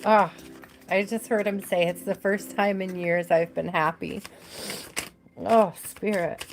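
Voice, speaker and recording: A woman giving a live tarot reading, gentle and emotional, repeating her words softly. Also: mid-range voice, fairly even intonation, takes it slowly, a little hiss or hum. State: tearful at times. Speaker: tarot reader.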